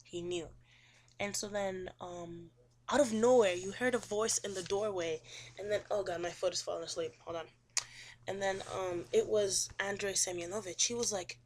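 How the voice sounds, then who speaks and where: A woman's voice: medium pitch, steady tone, moderate pace. A young woman casually recapping a chapter of a novel, rambling with lots of ums and acting out the characters' lines. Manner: chatty, rambling, full of ums, acts out quotes. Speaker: student summarizing a novel.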